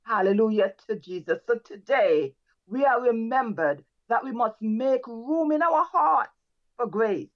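A worship leader closes a church service, her voice a little high on a lo-fi recording. She fervently exhorts the congregation in a closing prayer, repeating praise phrases between lines.

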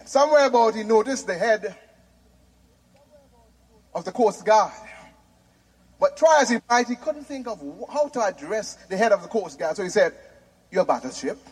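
A man from Grenada telling stand-up jokes in a brisk, joke-telling manner. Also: sits high, expressive, darkish tone, slightly rough, big-room sound. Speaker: stand-up comedian. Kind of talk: stand-up comedy.

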